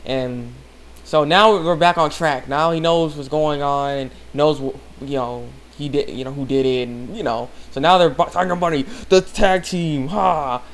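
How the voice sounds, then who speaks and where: A man's voice: on the high side, moderate pace. A young man casually recapping an anime episode in a rambling, eager way, laughing often. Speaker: anime reviewer.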